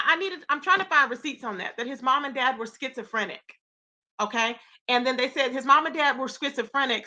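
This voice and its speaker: A woman's voice: high-pitched, sharp tone. A woman hosting a live gossip commentary stream, reacting with incredulous rhetorical questions and greeting her chat. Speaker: commentary channel host.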